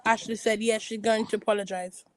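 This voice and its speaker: A woman's voice: mid-range voice, flat delivery, a little fast, slight background noise, low-quality recording. A woman giving a rambling, gossipy recap of a reality TV show in a casual chat. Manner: rambling, gossipy, frequent restarts. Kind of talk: casual chatty commentary.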